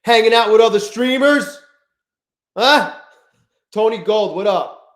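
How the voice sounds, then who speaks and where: Excitable swearing man on a live stream. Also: sits high, unhurried, reverberant. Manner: excitable, swears a lot, greets chat. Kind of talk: casual live-stream commentary.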